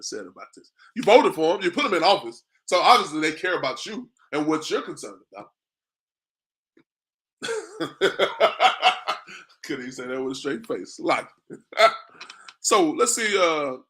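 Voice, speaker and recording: A man's voice: on the high side, fairly bright tone. A man teaching a class in a preaching style, firing rhetorical questions at his listeners and calling them "man" over and over, with frequent chuckles. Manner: chuckles often while talking. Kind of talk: street-preaching class lecture.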